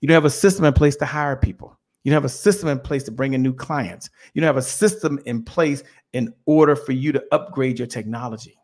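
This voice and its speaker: A man's voice: medium pitch, fairly quick, few pauses, a little mellow. A man giving a fired-up motivational talk on a podcast, preaching with chants and call-and-response. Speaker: guest speaker. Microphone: remote call.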